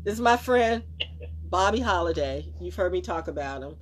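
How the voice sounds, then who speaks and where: A woman's voice: fairly low pitch, expressive, moderate pace, slight background noise. A woman hosting a live stream, talking casually in a rambling, emphatic way with frequent swearing and restarts. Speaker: livestream host.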